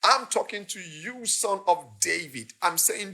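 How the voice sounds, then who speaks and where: Male preacher, impassioned sermon delivery, high and bright. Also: expressive, a little slow, vocal fry. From Nigeria. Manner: impassioned preaching, acting out quoted voices. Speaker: pastor.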